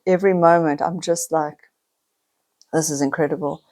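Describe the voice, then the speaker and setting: A woman's voice: deep voice, fairly even intonation, normal speed, mellow. A middle-aged woman, talking to camera in a heartfelt, confiding personal vlog, near tears at times. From South Africa. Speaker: vlogger.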